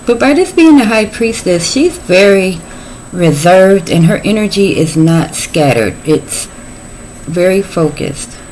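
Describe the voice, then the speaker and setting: A woman's voice: medium pitch, expressive, measured pace, darkish tone, slight background noise, rough recording. A middle-aged woman giving a casual tarot reading, chatty and folksy with playful asides. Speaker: tarot reader.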